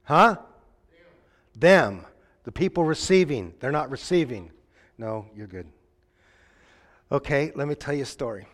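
A man's voice: medium pitch, animated, measured pace, long pauses. A man preaching an interactive sermon. He questions his listeners, asks them to call out answers, and tells stories with acted-out voices. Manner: questions the audience and invites answers. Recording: long hall reverb.

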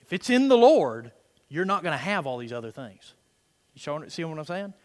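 A middle-aged man preaching a sermon, swinging between soft, murmured prayer lines and loud, emphatic declarations. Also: on the high side, sing-song, normal speed. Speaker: pastor. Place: church sanctuary. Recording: long hall reverb.

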